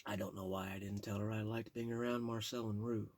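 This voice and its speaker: A man's voice: on the low side, level tone, a little fast. A man reading his own memoir aloud in a candid, plain-spoken way, with casual asides. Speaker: memoir narrator.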